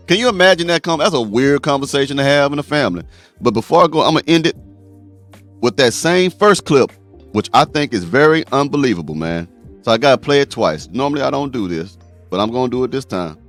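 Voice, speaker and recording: Animated crude-talking male host. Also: medium pitch, brisk, dry recording, faint music behind. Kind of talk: reaction commentary on clips.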